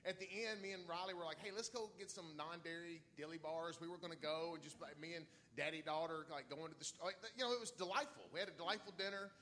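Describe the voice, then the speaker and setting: A high-voiced, bright-toned middle-aged pastor with a drawl tells a story from the pulpit. He is excitable and laughs often, dropping to quiet asides and then bursting into shouts. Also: fast, hardly any pauses, slight background noise. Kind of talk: animated church storytelling.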